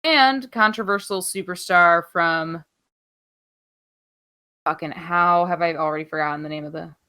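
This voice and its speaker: Her voice is on the low side, sharp and clean, at a measured pace. Co-hosting a podcast, she talks through wrestling news in a loose, rambling way, cursing freely and peppering pauses with ums.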